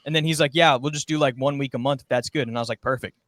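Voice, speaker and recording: A man's voice: mid-range voice, fairly even intonation, very fast, a bit bright, dry recording. A young man and former podcast intern, telling a rambling story in casual chat and acting out quoted lines.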